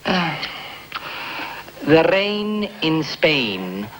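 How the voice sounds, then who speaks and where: A man's voice: a little high, very animated, extremely slow, fairly bright tone, a little hiss or hum, heavily acted, rough recording. An actor playing a know-it-all henchman who over-enunciates while teaching pronunciation, in a 1970s TV movie. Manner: over-enunciated demonstration, then brash opinions. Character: male henchman drilling diction, know-it-all.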